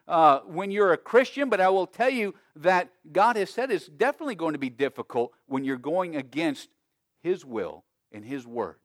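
A man preaching a sermon as pastor, emphatic, with big swings between loud and quiet and frequent restarts. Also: sits high, expressive, normal speed, no echo, studio quality. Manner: frequent repeated words and restarts.

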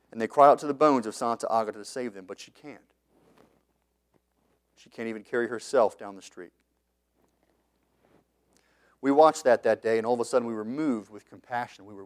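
A man preaching a sermon as a missionary pastor, reading scripture slowly and swinging between loud passionate lines and quiet ones. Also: medium pitch. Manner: reads scripture in slow measured tones.

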